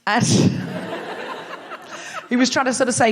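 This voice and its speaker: A woman's voice: fairly high pitch, expressive, moderate pace. A woman hosting a live comedy podcast on a theatre stage, chatty and self-mocking, teasing the audience. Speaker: podcast host.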